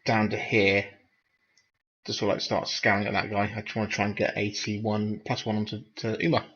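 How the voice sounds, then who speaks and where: A man's voice: lowish voice, flat delivery, fairly quick, a bit bright. A man playing a tabletop game, playfully describing his character's actions over a dull, lo-fi microphone with faint noise.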